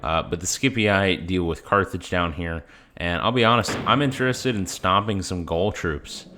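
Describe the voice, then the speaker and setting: A man's voice: low voice, moderate pace, background noise. A man casually commenting on his strategy game as he plays, chatty and explanatory, with frequent fillers. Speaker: gaming channel host.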